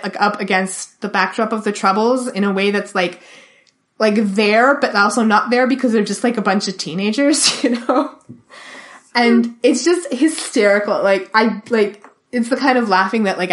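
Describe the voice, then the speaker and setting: A woman's voice: medium pitch, moderate pace. A woman co-hosting a podcast, chatting casually and enthusiastically, with "like" in almost every phrase. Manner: enthusiastic, constant "like" fillers. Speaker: podcast co-host. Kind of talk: casual chat.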